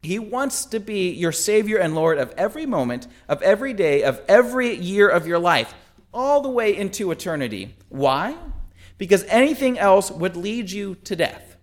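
A man's voice: sits high, sing-song, moderate pace. A man preaching a sermon, with emphatic rhetorical questions and storytelling.

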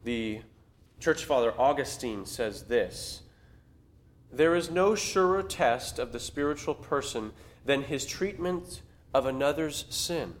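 A man preaching a sermon, telling a story in a conversational, animated way. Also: medium pitch, takes it slowly. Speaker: pastor.

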